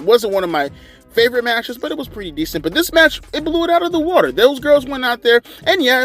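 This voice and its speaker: A young man giving casual, profane, rambling wrestling commentary, excitable and full of slang. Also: sits high. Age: young adult. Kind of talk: casual watch-along commentary.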